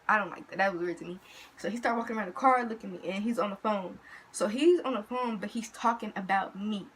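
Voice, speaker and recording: A teenage girl telling a story in a casual, slangy, animated way to her vlog audience. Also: mid-range voice, a little hiss or hum, low-quality recording. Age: teens. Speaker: vlogger.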